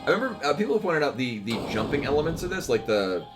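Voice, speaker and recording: A man's voice: a little high, big pitch swings, fast, music in the background. Chatty man streaming a game. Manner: rambling, chatty, self-interrupting. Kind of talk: casual live-stream commentary.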